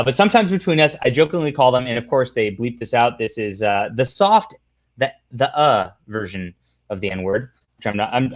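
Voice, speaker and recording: A man hosting a casual livestream, rambling through commentary, reading posts aloud, talking to the chat and throwing in sarcastic asides. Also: medium pitch. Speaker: livestream host.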